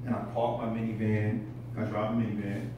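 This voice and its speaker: A man's voice: lowish voice, level tone, a little fast. A man telling a story in a stand-up comedy set, laughing at his own tale and swearing freely. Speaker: stand-up comic. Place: comedy club stage. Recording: echoey room, distant mic, background noise.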